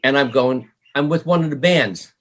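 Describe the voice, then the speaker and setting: A middle-aged man from New York, a musician recounting old stories in an interview. He talks in a medium register and slips into other people's voices as he tells it. His delivery is expressive, with frequent laughs. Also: mid-range voice, normal speed. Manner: animated storyteller, acts out quoted voices, laughs often. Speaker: guest musician. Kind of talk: storytelling interview.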